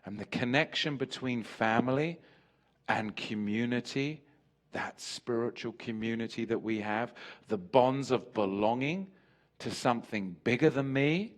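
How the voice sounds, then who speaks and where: A man preaching a Sabbath sermon as a teacher, repeating key phrases for emphasis and slowing down on the words that matter. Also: mid-range voice. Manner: slows and drops his voice on key words. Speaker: pastor teaching a weekly Sabbath lesson.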